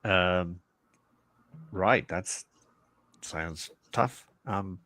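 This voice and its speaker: A man's voice: deep voice, takes it slowly, dry recording. A man playing a tabletop game, talking playfully. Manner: playful, lively. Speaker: player. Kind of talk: casual game chat.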